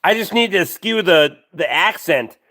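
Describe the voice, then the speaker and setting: A man in his forties with a Canadian accent, hosting a live stream in excitable, stammering casual chat. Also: high-pitched, measured pace. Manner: stammering, excitable, laughs a lot.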